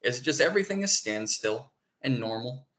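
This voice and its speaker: Male dungeon master, casual, rambling descriptive narration, mid-pitched everyday voice. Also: lively intonation, normal speed, fairly bright tone. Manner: rambling, many fillers and restarts. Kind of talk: narrating a tabletop game.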